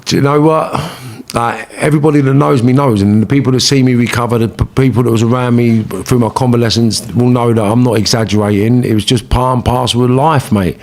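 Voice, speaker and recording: A man's voice: mid-range voice, steady tone, a little fast, few pauses. A man with a London accent, a guest telling his story in an interview, blunt and full of swearing and street slang. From England.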